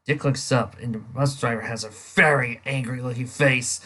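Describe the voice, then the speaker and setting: Comic reader narrating, animated, husky, bright, stumbles over words. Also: mid-range voice, normal speed. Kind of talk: reading a comic aloud with voices.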